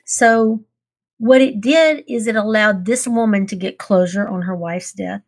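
A woman's voice: medium pitch, measured pace. Earnest woman telling a hard story. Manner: earnest and emotional, laughs through tears. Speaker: guest. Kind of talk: candid interview storytelling.

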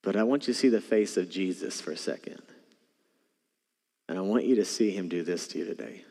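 Pastor preaching in a reverberant hall. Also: male voice, fairly low pitch, moderate pace, long pauses. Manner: shifts between soft near-whispers and raised preaching. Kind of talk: sermon. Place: church hall.

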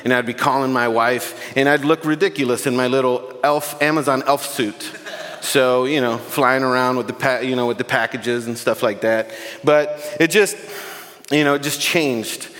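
A man gives a sermon in a casual, warm-hearted way, joking and getting emotional with the congregation. His voice carries a long reverb from the church hall. He sits at a mid pitch. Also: fairly even intonation, moderate pace. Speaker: guest preacher. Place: church sanctuary.

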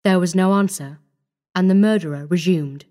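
A woman narrating a classic short story in a measured, steady reading. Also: fairly low pitch.

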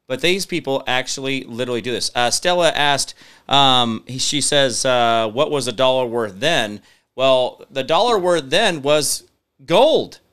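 A live-stream show host speaks emphatically as he reads viewer comments, rambling and using many fillers. His voice is medium-pitched, smooth, and fairly bright.

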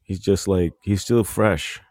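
A podcast co-host chatting casually in a blunt, mocking, laid-back way. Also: male voice, deep voice, a little slow, darkish tone, no echo, studio quality. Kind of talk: casual chat.

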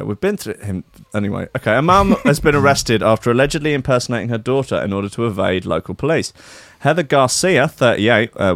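A man's voice: fairly low pitch, a bit bright, dry recording. A man co-hosting a casual comedy chat, reading news stories aloud and breaking off into joking asides.

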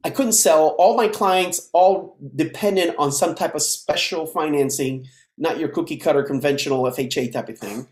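A man in his fifties from the United States, a podcast guest telling his life story in a lively way and acting out the voices of the people in it. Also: fairly high pitch, normal speed. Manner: animated storyteller who acts out dialogue. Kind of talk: casual storytelling interview. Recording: roomy echo.

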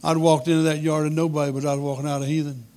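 A man, telling a humorous childhood story in a folksy, deadpan way. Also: on the high side, fast talker.

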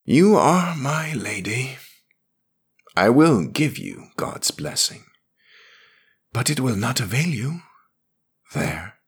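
A man's voice: mid-range voice, very animated, slow, long pauses, husky, voice pushed up, exaggerated voice. A man reading aloud, voicing a loyal male priest who pleads in strained, rising cries for his lady. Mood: resigned. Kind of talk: dramatic audiobook reading.

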